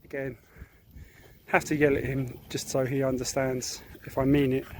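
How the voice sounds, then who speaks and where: A man's voice: medium pitch, flat delivery, normal speed, slight background noise, poor audio. Man explaining a dog walk outdoors. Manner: firm commands to dog mixed with explaining asides. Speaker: dog owner vlogger. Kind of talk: casual vlog narration while walking a dog. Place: outdoors in fields and paddocks. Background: light outdoor ambience.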